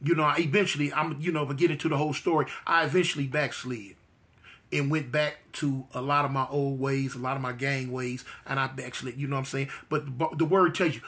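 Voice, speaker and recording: A man's voice: medium pitch, fairly even intonation, fairly quick, fairly bright tone. Emphatic man telling his testimony. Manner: emphatic, repeats phrases for weight. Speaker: guest telling his life story. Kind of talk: personal testimony storytelling.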